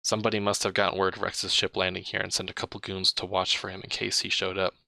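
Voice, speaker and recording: Male reader, casual interactive-story narration, bright tone, dry close sound. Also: low-pitched, flat delivery, fast, creaky, dry recording. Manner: chatty, comments on his own slips and laughs mid-read. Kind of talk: casual read-aloud narration.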